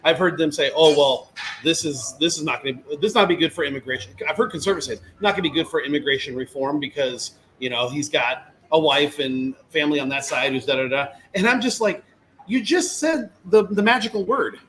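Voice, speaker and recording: Casting: male podcast co-host, slightly higher voice, emphatic, faint hiss in the room. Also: fairly quick, a bit bright, poor audio. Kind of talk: casual chat.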